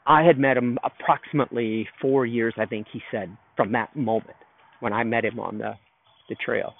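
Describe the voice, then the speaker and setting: With a gravelly mid-range voice, steady in tone and moderate in pace, a man records his podcast solo in a park. He rambles loosely and reflectively through a story, and the audio sounds narrow like a phone.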